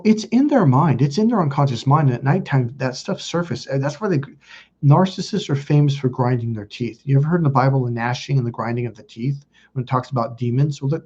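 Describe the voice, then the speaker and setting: Husky man, warm low timbre, blunt profane storytelling, dull lo-fi recording. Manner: blunt and profane, quick asides. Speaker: self-help video host. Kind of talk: casual confessional storytelling.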